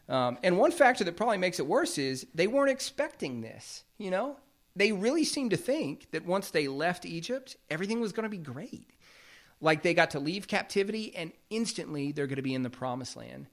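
A man's voice: high-pitched, very animated, a little fast. A man preaching a sermon as pastor, explaining scripture in a plain, conversational way.

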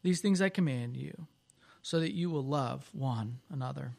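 A man preaching a sermon as pastor, praying and telling a story in an animated, expressive way. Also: mid-range voice, moderate pace, creaky.

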